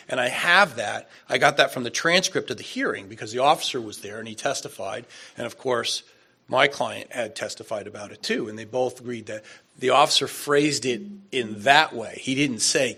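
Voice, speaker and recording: Male lawyer fielding audience questions; bright, emphatic, repetitive delivery. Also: mid-range voice, normal speed, slightly rough. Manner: emphatic, repeats points, acts out exchanges. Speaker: attorney presenting. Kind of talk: legal Q&A at a members meeting.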